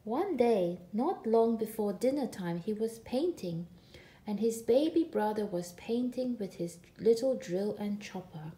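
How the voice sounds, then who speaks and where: A woman reads a children's picture book aloud, expressive and slow, her voice mellow with a lively rise and fall. The room around her sounds echoey. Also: mid-range voice. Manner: expressive, drawn out. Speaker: storyteller.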